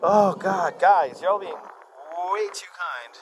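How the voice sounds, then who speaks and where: A man hosting a live walking tour stream outdoors by a harbor, excitable and out of breath, thanking donors effusively through a clip-on mic. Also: high-pitched, takes it slowly, a little hiss or hum, low-quality recording. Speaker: livestream host. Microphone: wireless clip-on mic.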